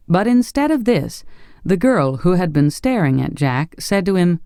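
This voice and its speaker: A man narrating a fairy tale audiobook in a steady storytelling voice. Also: mid-range voice, normal speed, clear, resonant tone, dry recording, clean studio sound. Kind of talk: scripted narration.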